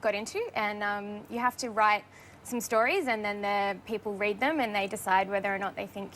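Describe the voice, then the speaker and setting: A woman's voice: medium pitch, steady tone, moderate pace, a bit bright, a little hiss or hum. A woman in her thirties with an Australian accent, a quiz contestant chatting easily and laughing often. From New South Wales, Australia. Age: 30s. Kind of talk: casual chat.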